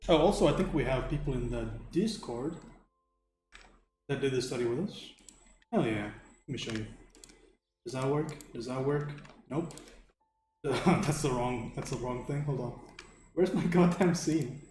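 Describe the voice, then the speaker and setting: A man's voice: mid-range voice, a little slow, long pauses, a little mellow. A man hosting a casual live stream while he draws, joking around, swearing freely and answering chat. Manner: joking, profane, reacts to chat. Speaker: livestream host. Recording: roomy echo with faint music.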